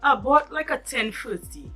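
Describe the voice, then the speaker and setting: A woman vlogger with a lilt tells a story to camera in an animated, dramatic way. Her voice is bright and forward, and she keeps turning to her viewers with asides. Faint music sits behind her. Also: high voice, a little slow, breathy edge. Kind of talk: storytime vlog.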